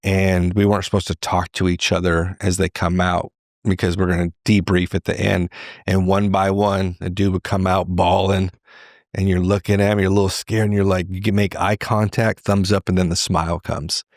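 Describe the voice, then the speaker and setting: A middle-aged man, a podcast guest, telling a candid personal story in an animated way. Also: low voice, moderate pace, no echo, clean studio sound. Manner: animated, acts out quoted voices.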